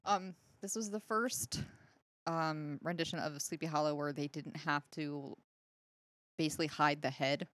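A woman's voice: low-pitched, steady tone, a little slow, fairly bright tone, no room sound. A woman in her thirties, co-hosting a casual podcast, chatty and giggly, full of "like". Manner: giggly, chatty, uses "like" a lot. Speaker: podcast co-host. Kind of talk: casual chat.

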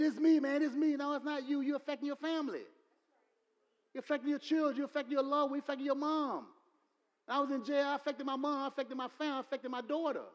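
A man preaching a sermon, repeating his points and building to loud exclamations. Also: very high voice. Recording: long hall reverb.

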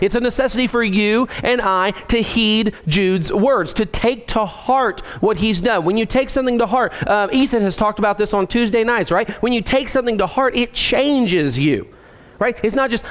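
A man preaching a sermon in a conversational, emphatic way, checking in with "right?" and repeating key phrases slowly for emphasis. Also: high voice.

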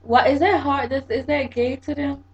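A woman's voice: sits high, steady tone, normal speed, background noise. A woman co-hosting a casual podcast chat, blunt and profane, often acting out what people say. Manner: blunt and profane, acts out quotes. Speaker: podcast co-host. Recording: dull lo-fi sound.

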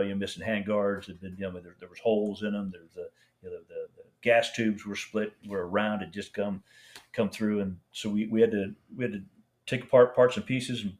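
Older man, low voice, rambling halting storyteller, interview guest. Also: darkish tone. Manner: rambling, halting, many restarts and fillers. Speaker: veteran guest.

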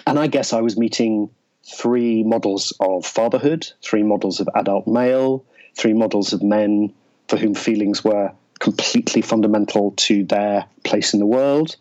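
Low-voiced man, halting storyteller. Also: a little mellow, highs cut off. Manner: halting, searching for words, many restarts. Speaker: guest. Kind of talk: reflective storytelling in conversation.

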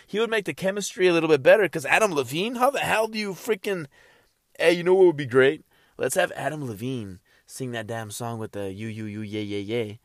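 A young man ranting in a casual monologue, animated and profane, repeating himself and laughing at his own points. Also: fairly high pitch, no echo, studio quality.

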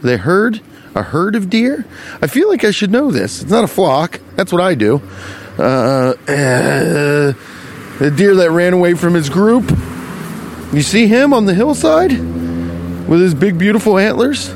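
A man hosting a comedy podcast, rambling through an improvised, profane, deadpan bit while walking along a street. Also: high voice, a little slow. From Cincinnati, US. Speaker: podcast host. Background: faint traffic.

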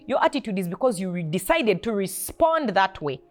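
A woman's voice: mid-range voice, big pitch swings, a little fast, soft background music. A woman hosting a faith podcast, exhorting listeners with short, emphatic commands about attitude at work. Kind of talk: motivational faith talk.

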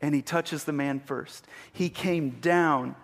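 A man's voice: fairly high pitch, takes it slowly, vocal fry. A man preaching a sermon, retelling a story vividly and building to emphatic peaks. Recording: long hall reverb.

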